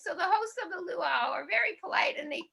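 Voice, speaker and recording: A woman's voice: extremely high pitch, lively intonation, brisk, gravelly, bright, forceful tone. A woman leading a laughter yoga class, bubbly and cheerful, chanting and often laughing. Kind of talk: guided group exercise class.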